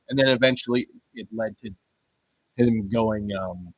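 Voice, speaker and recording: A man's voice: on the low side, fast talker, a bit bright, no room sound, poor audio. A man hosting his own stream, rambling casually with frequent swearing. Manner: rambling, swears and laughs often. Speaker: stream host.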